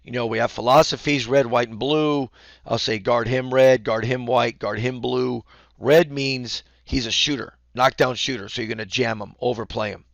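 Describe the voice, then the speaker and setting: A man coaching basketball, explaining defense casually and acting out the calls he yells courtside. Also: mid-range voice, steady tone, normal speed, vocal fry, no room sound, highs cut off. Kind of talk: instructional talk.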